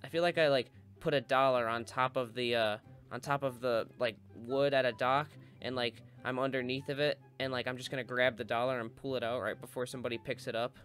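A man's voice: medium pitch, steady tone, a little fast, hardly any pauses, fairly bright tone, faint music behind. A young man giving comedic, sarcastic commentary over his own gameplay with goofy mock-villain asides. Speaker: gaming video host.

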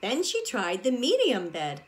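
Animated woman reading a storybook to kids. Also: on the high side, a little slow. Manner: animated, addresses the children directly. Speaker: preschool teacher. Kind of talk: storybook read-aloud for young children.

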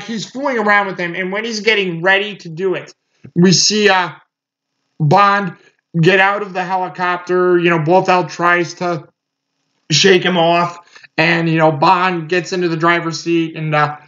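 A man's voice: fairly high pitch, bright, forceful tone. A man giving a casual movie review, rambling with lots of fillers and restarts. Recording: muffled lo-fi recording.

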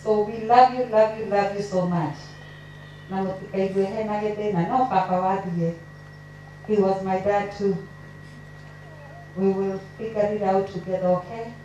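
Tearful woman giving a eulogy, slow and mellow, recorded from far off in an echoey hall. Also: medium pitch, highs cut off, a little hiss or hum. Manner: emotional, halting delivery. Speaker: family member giving a eulogy. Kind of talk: reading tributes at a memorial service. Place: memorial gathering in a large hall.

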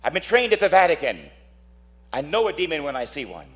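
A man's voice: on the high side, wildly swooping pitch, fairly quick. A man who is a priest, preaching a dramatic sermon, telling stories and acting out voices while asking "Amen?".

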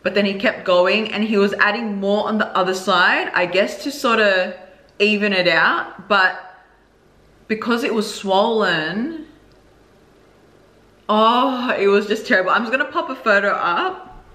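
A woman vlogger tells a story time to camera in a crisp, bright voice. She talks frankly and expressively, straight to her viewers. The sound is echoey, as if she were recording in a bare room. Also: medium pitch, a little slow. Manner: candid and expressive, addresses viewers directly. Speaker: beauty vlogger.

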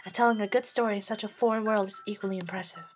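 A hushed, timid schoolgirl bookworm, put on by a man in a raised falsetto. She speaks softly and politely, with a husky, breathy edge and faint game music behind. Her delivery is hesitant and stammering. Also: steady tone, rapid-fire. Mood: gentle. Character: timid, formal teenage girl bookworm. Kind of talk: voiced game playthrough.

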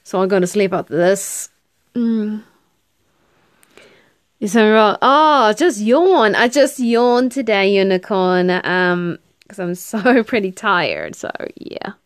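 A woman's voice: medium pitch, expressive, slow pace, clean tone, no room sound, clean studio sound. A young woman live streaming a game, chatting casually with viewers, tired and yawning as she talks. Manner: chatty, greets viewers, yawns and laughs often.

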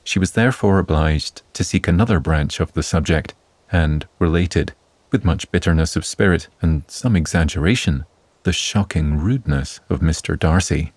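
A man narrating a classic novel as a soothing bedtime story, in a calm, measured reading. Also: sits low, dry recording.

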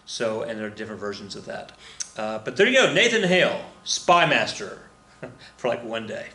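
A very animated man with a medium-pitched, bright and forceful voice teaches history at normal speed in a casual recorded lecture. He rambles with plenty of fillers, restarts and chuckles, and the room, which has a flag on its wall, is echoey.

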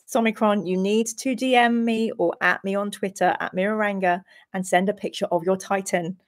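A woman in her forties hosting a live-streamed gamebook play-through, chatty and animated as she switches between reading the room descriptions aloud and talking to her chat. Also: mid-range voice, moderate pace, hardly any pauses. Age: 40s.

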